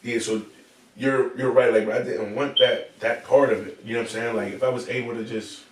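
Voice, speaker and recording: A man talking casually as a podcast guest, emphatic and getting louder when he is annoyed. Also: medium pitch, fairly even intonation, fairly quick. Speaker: podcast guest, battle rapper. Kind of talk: casual chat. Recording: roomy echo, far from mic.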